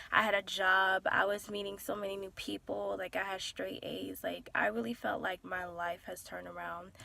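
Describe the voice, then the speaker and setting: A young woman in her twenties, talking softly and hesitantly from inside a car as she shares a personal story, with many pauses and fillers. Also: medium pitch, creaky. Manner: soft-spoken and hesitant, with frequent "um" and "like". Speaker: vlogger sharing a personal testimony.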